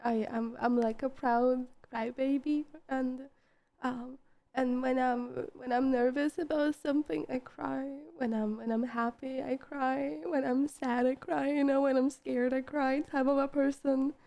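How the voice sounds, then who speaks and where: A tearful woman streamer speaks slowly in a high voice, her words breaking as she thanks her viewers. She talks in an emotional, halting way, repeating words and starting over. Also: level tone, gravelly, warm tone. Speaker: live streamer. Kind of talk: casual live-stream talk to chat.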